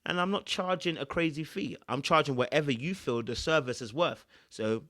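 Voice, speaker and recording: A man's voice: on the high side, moderate pace, a bit bright. A man, a relationship coach giving emphatic, preachy reaction commentary.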